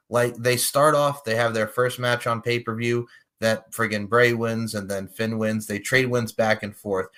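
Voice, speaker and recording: Brief: New York man, podcast co-host, animated, laughs often, long excited takes. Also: fairly low pitch. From Long Island, New York. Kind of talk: casual wrestling discussion.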